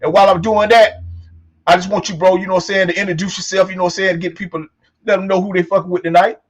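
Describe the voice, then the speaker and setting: A man hosting a laid-back talk show, talking fast in a slightly high voice. He swears freely and keeps tossing in "man" and "you know what I'm saying.". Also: flat delivery. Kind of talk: casual talk show chat.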